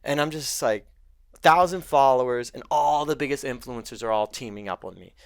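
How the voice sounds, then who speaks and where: Pria bercerita blak-blakan, suara kering. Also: male voice, mid-range voice, a little fast, clean tone, no echo, studio quality. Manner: animated, profane, quotes others and himself. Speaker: podcast guest. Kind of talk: casual storytelling.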